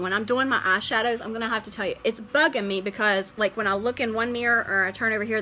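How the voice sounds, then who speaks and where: A middle-aged woman talks through her makeup on a live stream, stopping often to greet viewers by name. Her voice is bright and fairly high, and her talk is chatty and heartfelt. She sounds like she is at home, speaking into a phone or webcam. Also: rough recording.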